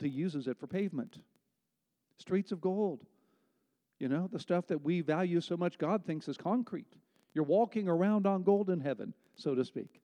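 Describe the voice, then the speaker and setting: Male pastor, mellow mid-high voice, emphatic conversational sermon, long hall reverb. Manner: conversational, emphatic preaching with rhetorical questions.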